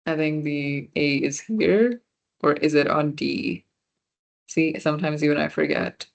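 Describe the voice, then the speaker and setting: A woman teaches a small beginner class over a computer mic. Her voice sits low and she takes her time. She talks in a chatty, informal way, answering students' messages and fixing her own slips as she goes. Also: a little slow, gravelly. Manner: chatty, self-correcting, reads out chat answers. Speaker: volunteer French workshop teacher. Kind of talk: casual online class teaching.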